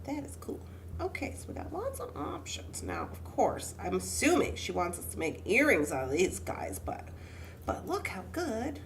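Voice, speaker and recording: Her voice sits a little high, with vocal fry and huge swings in pitch, at a moderate pace, over a faint hiss or hum. She's a young, pregnant livestream host making jewelry, chatty with her audience, greeting people by name and muttering to herself between beads.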